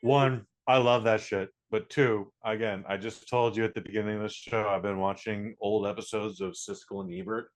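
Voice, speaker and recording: Chatty man with a low voice. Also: steady tone. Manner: chatty, quick to agree, breaks in with corrections. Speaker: podcast co-host. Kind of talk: casual chat.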